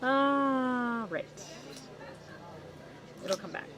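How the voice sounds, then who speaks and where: A woman's voice: high-pitched, extremely slow, low-quality recording. A woman commentating on a race livestream outdoors, talking in a rambling way with many fillers. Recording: loud crowd behind.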